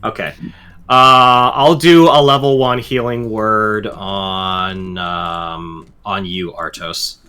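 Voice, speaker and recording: A man playing a tabletop game, thinking aloud in an unhurried way. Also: on the low side, steady tone, pushed and bright, smooth. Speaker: player.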